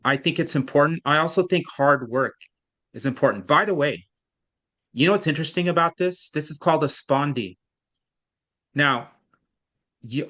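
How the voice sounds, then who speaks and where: A man's voice: a little high, bright, forceful tone. A man tutoring a student in reading, explaining patiently and at length, with frequent restarts. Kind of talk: one-on-one online tutoring.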